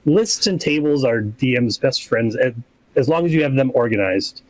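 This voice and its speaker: A man who runs tabletop games, talking casually on a podcast in a relaxed, rambling way and acting out examples. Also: mid-range voice, normal speed, dry recording, low-quality recording. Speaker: game master.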